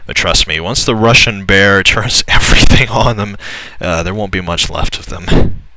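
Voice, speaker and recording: A young man casually commentating a strategy game, excitable and swearing, often laughing in disbelief. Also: low voice, moderate pace, a little hiss or hum, rough recording. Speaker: gameplay commentator. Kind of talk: casual let's-play commentary.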